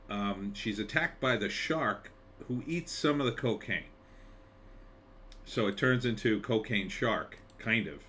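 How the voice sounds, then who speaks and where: Rambling lower-voiced man reviewing a trailer. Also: pushed and bright, a little hiss or hum. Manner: rambling, conversational, with frequent fillers and wry asides. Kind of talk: casual commentary.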